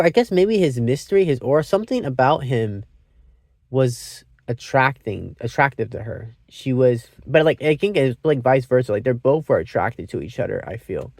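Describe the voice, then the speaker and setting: A man chatting through a film review in a loose, wandering way, cutting himself off mid-thought and dropping casual curses. His voice sits at an ordinary middle pitch. The sound is dry and close, with no room around it. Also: expressive, normal speed, darkish tone, no room sound. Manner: meandering, self-interrupting, swears freely. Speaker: movie reviewer.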